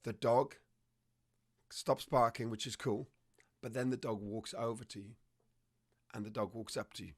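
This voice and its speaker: Animated man telling dog stories. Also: mid-range voice, normal speed, long pauses. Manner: animated storytelling, acts out dog and owner voices. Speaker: dog behavior trainer. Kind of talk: conversational explanation.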